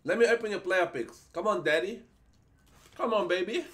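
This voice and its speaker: A man's voice: sits high, moderate pace. Hyped young man streaming game packs. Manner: excitable, swears freely, hyped and pleading. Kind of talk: casual live-stream chat while opening game packs.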